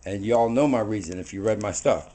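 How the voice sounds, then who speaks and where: A man's voice: fairly low pitch, a little fast, warm tone. Rambling, earnest man in his forties. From United States. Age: 40s. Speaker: vlogger. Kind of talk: casual walking monologue to camera. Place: outdoors on foot. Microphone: handheld camera mic.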